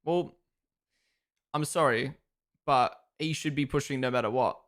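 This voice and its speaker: Young male streamer, chatty watchalong host who reacts live and thanks chat, mid-pitch voice. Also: a little slow, a bit bright. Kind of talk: casual live-stream commentary.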